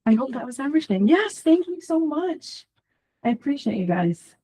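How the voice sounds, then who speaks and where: A woman's voice: high-pitched, sing-song, normal speed, warm tone. A woman who creates social media content, giving a casual talk to a small group in person. She talks in a bubbly, chatty way with lots of ums and likes, and sounds a little nervous because she is new to speaking in front of people. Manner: nervous first-time speaker.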